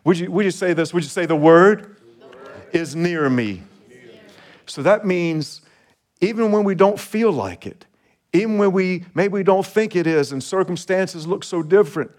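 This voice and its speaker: A man's voice: sits high, moderate pace, darkish tone. Earnest man preaching a sermon. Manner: earnest, repetitive, chuckles between phrases, rises in intensity. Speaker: pastor.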